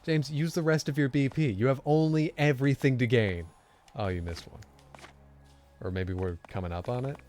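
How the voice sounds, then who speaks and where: A man's voice: medium pitch, normal speed, darkish tone. A man chatting casually and teasingly while playing a video game with a friend, rambling as he goes. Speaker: let's play co-host. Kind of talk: casual chat over gameplay. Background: game music.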